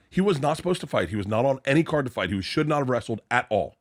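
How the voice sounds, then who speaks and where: A man's voice: mid-range voice, fast talker. A man co-hosting a podcast, telling a wild story in a loose, profane, rambling way, full of restarts. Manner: animated, profane, rambling anecdote with many restarts. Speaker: podcast co-host. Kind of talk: casual comedic storytelling.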